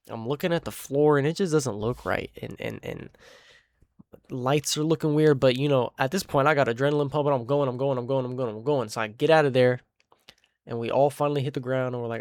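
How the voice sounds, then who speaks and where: A young man casually telling a story, animated and slangy, making sound effects and tripping over words. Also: mid-range voice, fairly quick, no room sound.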